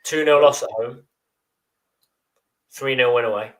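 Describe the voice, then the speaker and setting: This podcast co-host has a medium-pitched voice and speaks a little slowly. On a live football fan show he keeps the chat casual, trading deadpan humor and reading viewer comments aloud.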